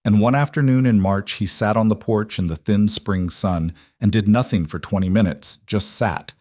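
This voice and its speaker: A man narrating a scripted story in a calm, even tone. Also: fairly low pitch, moderate pace, dry recording, studio quality.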